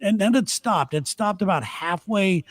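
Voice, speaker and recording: A man's voice: sits high, normal speed, no room sound. A man telling a rambling, laughing story in casual chat on a podcast. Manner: rambling, laughing anecdotes with restarts. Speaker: podcast host.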